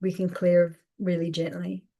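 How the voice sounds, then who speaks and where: A woman hosting a live spiritual guidance session, speaking softly with many fillers and repeated phrases. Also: lowish voice, little pitch movement, a little slow, dull audio. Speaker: intuitive guidance host.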